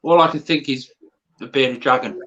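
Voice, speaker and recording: A man's voice: medium pitch, moderate pace, pushed and bright, dull audio. A man hosting a live stream, joking with guests and reading out chat messages. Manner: joking, banters and reads chat. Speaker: host, YouTuber.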